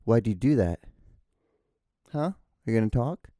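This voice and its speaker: A man's voice: mid-range voice, lively intonation, a little slow, long pauses, warm tone, dry recording, clean studio sound. Rambling, profane male podcast host. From outside the United States. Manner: rambling, stammering restarts, profane. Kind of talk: casual solo podcast rant. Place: home. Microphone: podcast microphone.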